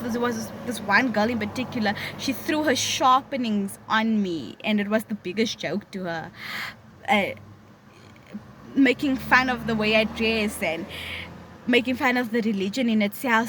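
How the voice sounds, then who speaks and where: A young woman tells a personal story in a candid, conversational way. Her voice sits fairly high. Traffic noise can be heard clearly behind her. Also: moderate pace, a bit bright. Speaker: vlogger.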